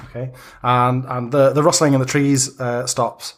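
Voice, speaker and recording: A man narrating as game master in a tabletop game. He lays out the scene in a halting, unhurried way, stopping often and restarting his phrases. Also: medium pitch, flat delivery. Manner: halting, many ums and restarts.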